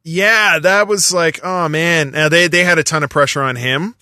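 A man chatting casually as a guest, telling a rambling, animated story full of fillers. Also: a little high, moderate pace, no room sound, studio quality. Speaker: podcast guest. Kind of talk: casual chat.

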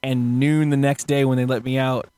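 A man telling a story in a casual podcast chat, animated, swearing a lot and laughing as he goes. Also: mid-range voice, normal speed, smooth, no echo. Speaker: podcast co-host.

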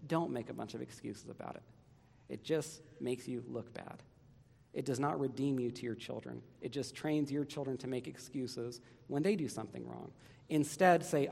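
Guy preaching a sermon, gravelly fry in his voice, earnest and pushy, long reverb like a big hall. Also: mid-range voice, normal speed, darkish tone. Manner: earnest, emphatic exhortation with repeated phrases. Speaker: pastor.

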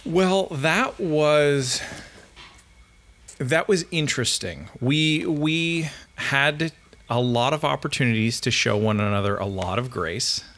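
A man's voice: medium pitch, slow, a bit bright. A man in his thirties with a Canadian accent, a friendly, good-humored guest on a casual podcast interview.

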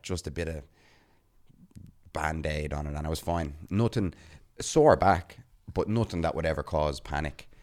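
Very deep-voiced man telling a story. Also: a little mellow. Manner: chatty storyteller who laughs often. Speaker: podcast co-host. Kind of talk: casual podcast chat.

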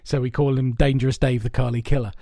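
A man co-hosting a podcast in casual chat, telling long stories in an animated, rambling way with lots of swearing. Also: medium pitch, fast talker, no echo. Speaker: podcast co-host. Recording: dry, soundproofed home room.

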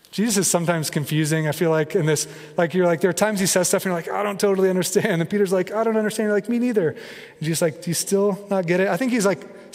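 Male pastor preaching in a hall. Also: a little high. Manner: conversational preaching with animated mock voices. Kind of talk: sermon. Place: church sanctuary. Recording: long hall reverb.

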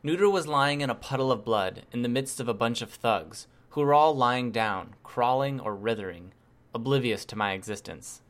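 Man, audiobook reader, first-person narration, measured, medium pitch. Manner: steady, measured reading.

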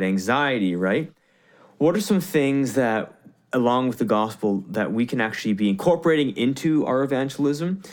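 A man hosting a podcast interview, asking long questions with many restarts and fillers. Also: fairly low pitch. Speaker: podcast host.

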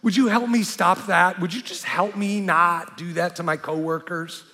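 A man voicing a big, extroverted friend who whines indignantly in a raised, high-pitched voice. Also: steady tone, normal speed, sharp tone, long reverb tail. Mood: pleading.

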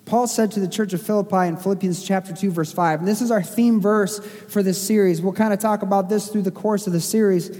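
Male pastor, high and soft-toned, casual sermon delivery with filler-heavy asides, recorded in a long-echo church hall. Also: steady tone, a little fast, few pauses. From Missouri. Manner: conversational preaching, self-deprecating asides, frequent fillers.

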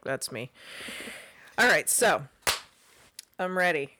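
Woman, podcast co-host, casual chat, laughs a lot, low-pitched, very lively intonation. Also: takes it slowly, slight background noise. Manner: animated, laughs often, swears casually. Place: home basement.

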